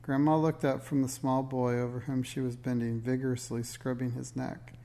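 A man reading a children's book aloud in a steady, measured storytelling way. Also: medium pitch. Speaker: narrator.

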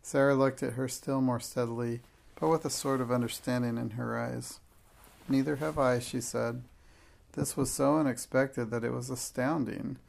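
A man narrating a storybook in a measured, even manner. His voice sits at a middling pitch with a gravelly, creaky texture. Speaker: audiobook narrator.

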